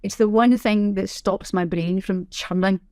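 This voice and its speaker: A middle-aged Scottish woman, a sign language interpreter, chatting in a podcast interview with a lively, self-deprecating way of telling things. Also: mid-range voice, measured pace, no room sound, studio quality. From Scotland. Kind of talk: casual interview chat.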